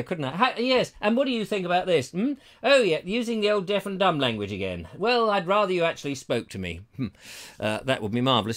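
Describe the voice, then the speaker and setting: An English man hosting a live show, reading out viewers' chat comments in a playful, theatrical way. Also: sharp tone. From England. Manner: theatrical, playful, swoops in pitch when reading names. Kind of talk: casual live-stream chat. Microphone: lapel mic.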